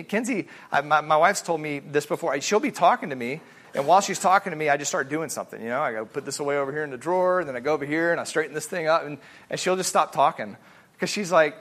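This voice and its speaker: A man teaching a family Bible study in a casual, animated way, acting out the voices he quotes. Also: on the high side, fast talker.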